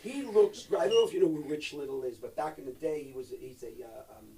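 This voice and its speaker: A middle-aged man rambles through a joking chat, his voice sitting a little higher than most men's. He jumps from mumbled asides to loud, profane bursts. He sounds a little distant from the mic. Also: fast talker. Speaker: actor guest. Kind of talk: joking live-stream chat.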